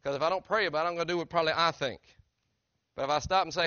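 A man's voice: a little high, racing, pushed and bright, dry recording, lo-fi sound. A middle-aged man, preaching a sermon as a pastor in a conversational, earnest way that keeps asking his congregation direct questions. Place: church sanctuary.

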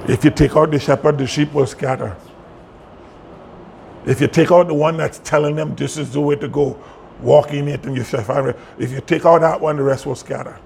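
A man in his sixties leads his church in a sermon with a slightly raised, gravelly voice. He talks to the congregation like a friend and teases them now and then. A faint hiss sits under the recording. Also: fairly high pitch, fairly even intonation, a little fast, darkish tone. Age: 60s. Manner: conversational, jokes with the congregation. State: in pain. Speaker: pastor. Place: church sanctuary.

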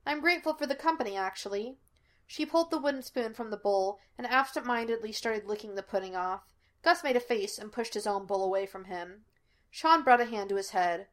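A woman reading a fan fiction story aloud in a steady narrating voice. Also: medium pitch, a little fast. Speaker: podfic reader.

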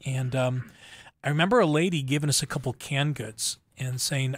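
A middle-aged man from Buffalo, New York, speaking earnestly and warmly as a show host sharing his family story. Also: medium pitch, moderate pace. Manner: earnest, heartfelt, repeats words when moved. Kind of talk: conversational radio interview.

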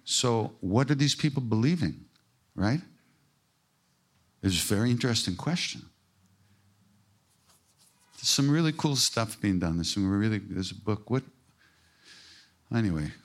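An older man giving a casual spiritual talk as a podcast host, emphatic and irreverent, with blunt swearing and self-mocking jokes. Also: mid-range voice.

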